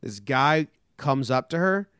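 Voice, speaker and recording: A man's voice: medium pitch, animated, takes it slowly, fairly bright tone, clear, resonant tone, no echo, studio quality. A young American man casually chatting as a podcast co-host, telling stories and acting out quotes in silly voices. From United States. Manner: rambling storyteller, acts out quotes in silly voices. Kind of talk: casual comedic chat.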